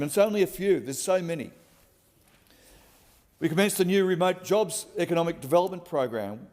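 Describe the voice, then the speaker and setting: An Australian man with a fairly high voice delivers a combative parliamentary speech, hammering his points one after another. His voice rings out with the long reverb of a large Senate chamber. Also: darkish tone. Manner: combative, emphatic, listing points.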